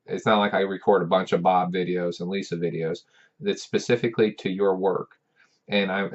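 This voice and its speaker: A man with a very low voice talks straight to his students in a loose, rambling way, often restarting and repeating words. The recording is dull and lo-fi. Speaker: professor. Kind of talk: casual talking-head advice.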